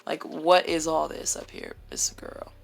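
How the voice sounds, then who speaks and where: A woman's voice: sits low, little pitch movement, measured pace, creaky. A young woman vlogging casually to her phone camera while doing her makeup at home, chatty, joking and candid, with plenty of swearing.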